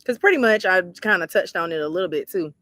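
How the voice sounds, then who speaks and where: Chatty woman with a bright voice. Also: lowish voice, fast talker, no room sound, studio quality. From Georgia, US. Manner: chatty, relaxed, talks straight to the viewers as y'all. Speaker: livestream host and tarot reader. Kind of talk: casual livestream chat reading viewer comments.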